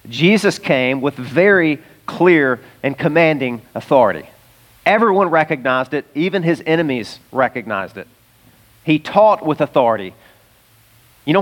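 A pastor preaching a sermon in a conversational, emphatic way, sometimes laughing mid-sentence. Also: male voice, on the high side.

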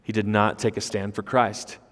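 A man's voice: fairly low pitch, flat delivery, moderate pace. A man preaching an expository sermon, emphatic, with rhetorical questions and repeated words. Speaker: pastor. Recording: long reverb of a large hall.

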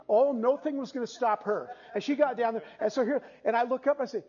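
An older male pastor in his sixties preaches an earnest, heartfelt sermon, his voice pitched high with a husky edge. He tells stories with pauses, and the recording sounds muffled and dull. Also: a little mellow.

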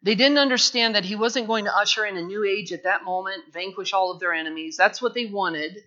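A man's voice: high-pitched, a little fast, bright, forceful tone, muffled recording. A man preaching a sermon as pastor, earnest and emphatic, often repeating his phrases.

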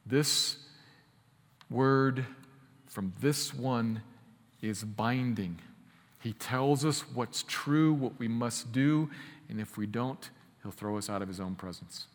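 A man preaching a sermon, emphatic, slowing down to stress key phrases and speeding through quick asides. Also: mid-range voice, long reverb tail. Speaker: pastor.

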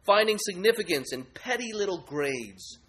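A man's voice: high-pitched, lively intonation, normal speed, a bit bright, pitched above the performer's own voice, poor audio. A man preaching voices a lofty, self-important idol of grades and achievement. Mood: haughty. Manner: haughty, boastful.

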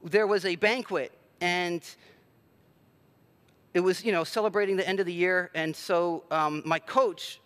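A man's voice: high voice, fairly even intonation, a little slow, fairly bright tone, clean tone. A man preaching a sermon in a conversational, self-deprecating way with plenty of filler words. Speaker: pastor.

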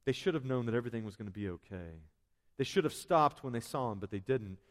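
A man's voice: mid-range voice, animated, fast. Man preaching in a reverberant hall. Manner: conversational, with asides and restarts. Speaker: pastor. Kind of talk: sermon.

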